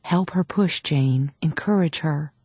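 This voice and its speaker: A woman voicing a middle-aged mother acting as midwife, coaching in a quiet, urgent, commanding way, in an audiobook. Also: low voice, a little slow, breathy edge, no room sound.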